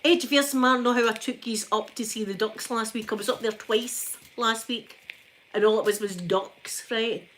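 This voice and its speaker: A Scottish woman rambles through a casual live chat from home, calling out to her viewers by name. Her voice sits slightly higher than most, and she laughs often between stories. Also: steady tone, normal speed, a bit bright, slight background noise. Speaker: livestreamer chatting to viewers. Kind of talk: casual live-stream chat while ironing.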